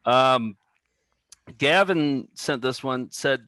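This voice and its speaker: A man's voice: medium pitch, animated, a little fast, a bit bright, no room sound. A middle-aged man co-hosting a casual chat show, rambling with lots of fillers and restarts. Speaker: co-host.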